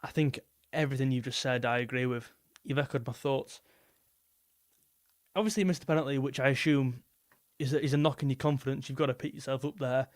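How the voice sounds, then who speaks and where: A young man hosts a live football stream, chatting casually, rambling, repeating himself, and reading viewers' super chats aloud. His medium-pitched voice is steady and brisk. The recording is dry and studio quality.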